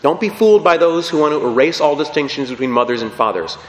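A man preaching a sermon with emphatic, animated delivery, often checking in with his listeners. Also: fairly high pitch, fast talker. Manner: animated, emphatic, frequent "okay?" check-ins. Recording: roomy hall with long reverb.

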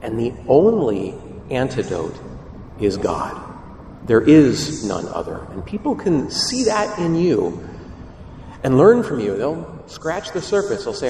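Lively preacher in an echoey church. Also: male voice, mid-range voice, slow, a little hiss or hum. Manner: lively preaching with rhetorical questions. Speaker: Catholic priest. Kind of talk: sermon. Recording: echoey church heard from far off.

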